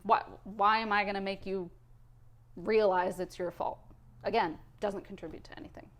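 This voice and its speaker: A woman in her thirties, a cath lab nurse, telling an emotional story in a candid, animated way during an interview. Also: mid-range voice, moderate pace.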